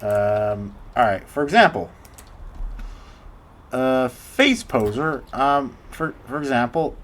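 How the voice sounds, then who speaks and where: A man's voice: mid-range voice, lively intonation, slow pace, a bit bright. A man casually narrating a tutorial over his screen recording, rambling and hesitant with many restarts. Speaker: video creator explaining his process.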